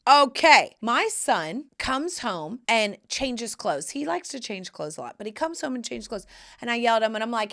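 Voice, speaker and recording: Sassy bright-voiced woman podcast host. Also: fairly high pitch, big pitch swings, moderate pace. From United States. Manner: chatty, playful storyteller, sassy asides. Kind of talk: casual chat to camera.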